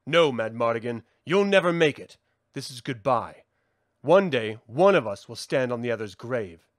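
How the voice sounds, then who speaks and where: A man voicing a gruff, hard-bitten army commander who talks low, grave and clipped. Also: animated, moderate pace, dry recording, clean studio sound, close to an everyday voice. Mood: grim.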